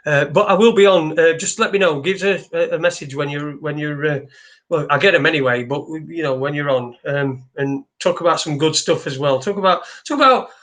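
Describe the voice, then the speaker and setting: A man hosting a solo livestream, talking in a rambling, halting way with lots of restarts and swearing. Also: a little high, a bit bright. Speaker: livestream host. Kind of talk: casual solo livestream chat.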